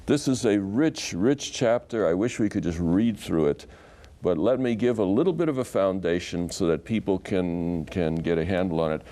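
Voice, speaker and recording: Low, mellow-voiced man explaining scripture. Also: moderate pace. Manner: animated storyteller who acts out quotes. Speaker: Bible scholar guest. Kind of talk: explanatory teaching in conversation.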